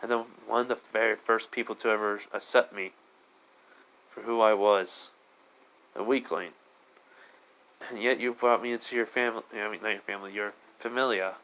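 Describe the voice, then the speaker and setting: A man voicing a kind, earnest young male adventurer, speaking softly and haltingly in his own voice. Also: lowish voice, steady tone, rough recording. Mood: tender.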